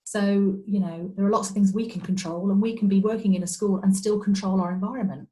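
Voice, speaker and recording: A woman's voice: medium pitch, steady tone, brisk, rough recording. A woman, a speech and language therapist, giving a training talk over a video call in a chatty, explaining way. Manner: warm conversational explaining, many fillers and repetitions. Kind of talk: online training presentation.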